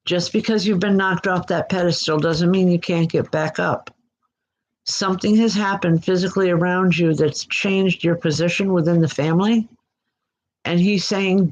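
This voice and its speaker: A woman giving live online psychic readings in a gentle, reassuring way, often pausing and restarting her sentences. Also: lowish voice, fairly even intonation, muffled recording. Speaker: psychic medium. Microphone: computer mic.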